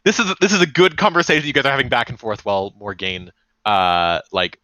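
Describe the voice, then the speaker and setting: A man narrating as game master in a casual, profane, animated way. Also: mid-range voice, a little fast, dry recording, poor audio.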